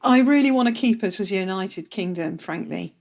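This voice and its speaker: A woman's voice: medium pitch, animated, fairly quick, vocal fry, dull audio. A woman from Northern Ireland, a planning director, chatting casually as a podcast guest. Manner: chatty, warm laughs, fillers.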